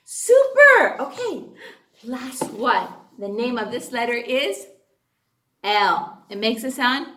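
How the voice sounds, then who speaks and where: Cheerful woman teacher, high lively voice, unhurried phonics drills. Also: roomy sound. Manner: animated and sing-song, gasps and cheers often. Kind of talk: phonics lesson for young children.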